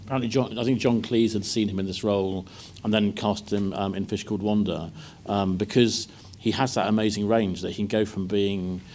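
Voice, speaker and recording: Man, fast talker, lowish voice, chatty interviewer, faint background hiss. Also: fairly even intonation, darkish tone. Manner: chatty, with tag questions. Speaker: interviewer for a film institute. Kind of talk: casual conversation.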